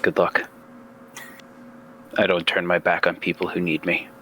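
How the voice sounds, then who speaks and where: A man puts on a stubborn grown man who won't turn his back on anyone, and he sounds much deeper than usual. The voice is low and grave, firm in its resolve. It comes across with a clear, forceful edge. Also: level tone, a little slow, a little hiss or hum, rough recording. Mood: resolute.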